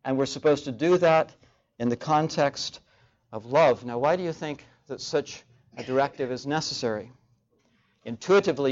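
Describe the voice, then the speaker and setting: A man preaching a sermon in a measured way, repeating key phrases for emphasis, on a dull lo-fi recording. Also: mid-range voice.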